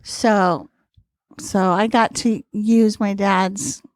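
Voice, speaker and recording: A woman in her sixties, a comedian, telling lively stories as a podcast guest. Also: mid-range voice, very slow, no room sound, studio quality. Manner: lively anecdotal storytelling, acting out quoted voices. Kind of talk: storytelling in a podcast interview.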